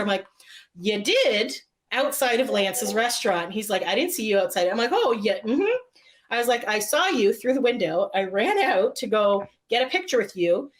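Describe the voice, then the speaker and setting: A woman chats on a podcast, recapping an event. She tells it as a lively story, acting out both sides of each exchange and filling it with "like". Her voice sits at an ordinary middle pitch. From Toronto, Canada. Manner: chatty storyteller who acts out quoted exchanges with lots of "like". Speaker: podcast co-host. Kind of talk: casual chat recapping an event.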